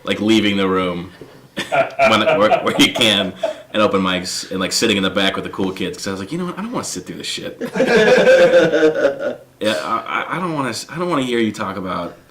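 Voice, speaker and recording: A man's voice: lowish voice, expressive, moderate pace, long pauses, a bit bright, slight background noise. A young man, a stand-up comedian, chatting casually on a podcast, acting out quotes and laughing often.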